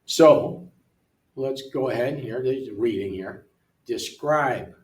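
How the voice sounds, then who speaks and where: An older man working through an English app lesson in a relaxed way, thinking aloud and reading words off the screen, recorded from away from the mic in a room. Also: medium pitch, a little slow, distant mic. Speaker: missionary English tutor. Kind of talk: casual walkthrough of an app lesson. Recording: roomy sound from away from the mic.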